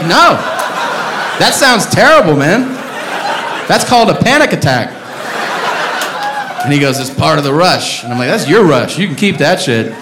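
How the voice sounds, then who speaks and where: A man telling a profane stand-up story, with loud outbursts when he acts out the people in it. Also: on the high side. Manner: profane storytelling, acting out shouted characters. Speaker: stand-up comedian. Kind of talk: stand-up comedy set. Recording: live club, long reverb and room noise. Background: audience laughter.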